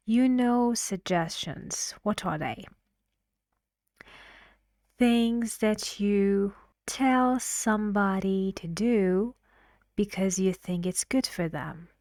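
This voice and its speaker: A woman's voice: mid-range voice, darkish tone, no echo, clean studio sound. A woman teaching an English pronunciation lesson, explaining patiently and asking the learners questions.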